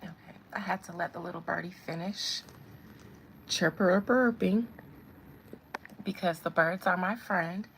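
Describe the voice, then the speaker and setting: A woman in her thirties with a gravelly, fry-tinged voice, chatting through a tarot reading on a livestream. She talks to her viewers and the spirits alike and breaks into laughter often. A faint hiss sits under her voice. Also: on the low side, flat delivery, brisk, few pauses, a bit bright, rough recording. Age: 30s. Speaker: tarot reader. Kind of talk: casual livestream chat.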